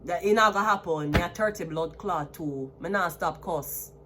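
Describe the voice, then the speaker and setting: A woman's voice: lowish voice, moderate pace, over music. A Jamaican woman in her thirties, a tarot reader talking to camera in a defiant, profanity-heavy style that slips between patois and English. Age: 30s. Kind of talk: ranting to camera.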